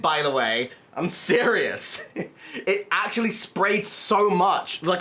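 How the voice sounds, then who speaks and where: A man's voice: high voice, fairly bright tone. A male livestreamer chatting casually to his viewers, exasperated and swearing a lot as he cleans up.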